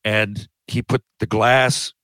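A man's voice: on the low side, flat delivery, slow pace, fairly bright tone, no room sound, poor audio. A man telling long, rambling anecdotes in a casual chat, often restarting his sentences. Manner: rambling, self-interrupting anecdotes. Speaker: podcast guest. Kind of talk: casual storytelling.

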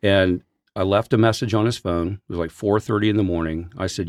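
A man's voice: low voice, a little fast, dry recording, studio quality. A man who works as a senior pastor, telling a personal story on a podcast in an earnest, heartfelt way. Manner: earnest, heartfelt, animated in places.

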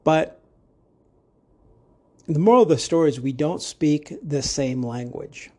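A man's voice: a little high, lively intonation, a little slow, a little mellow. A man hosting a podcast, talking in a casual monologue with jokey, rambling asides. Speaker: podcast host.

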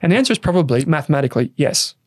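A man's voice: fairly high pitch, sing-song, racing, darkish tone, no echo, studio quality. A man co-hosting an investing podcast in casual, chatty talk with loose fillers. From Australia. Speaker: podcast co-host. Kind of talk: casual chat.

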